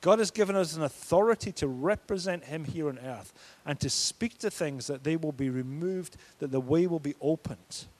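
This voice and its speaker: A man's voice: a little high, normal speed, few pauses, a little mellow. A man preaching a sermon, emphatic and declaring, his force rising and falling. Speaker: pastor.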